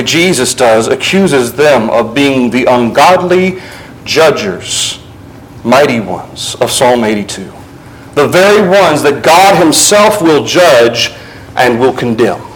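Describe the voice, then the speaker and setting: A man preaching a sermon, reading scripture aloud and explaining it verse by verse, dropping low for emphasis and rising for quoted passages. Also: slight background noise, rough recording. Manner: shifts between low, quiet emphasis and raised, quicker passages.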